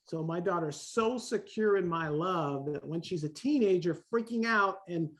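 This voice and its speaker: A man in his forties, a podcast guest, talking in a lively way and acting out the voices he quotes. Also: sits high, moderate pace. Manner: animated, acts out quoted voices. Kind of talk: casual conversation.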